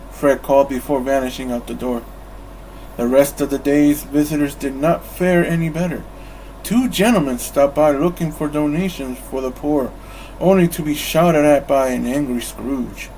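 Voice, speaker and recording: Bedtime storybook reader: calm man, very slow delivery, faint noise behind. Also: mid-range voice, rough recording. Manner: calm, unhurried, measured.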